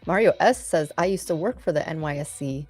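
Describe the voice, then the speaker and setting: A woman's voice: low-pitched, fairly quick, a little mellow, soft background music. A woman co-hosting a trading show, reading viewer comments and teasing with light giggles. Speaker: co-host. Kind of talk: casual banter, reading chat.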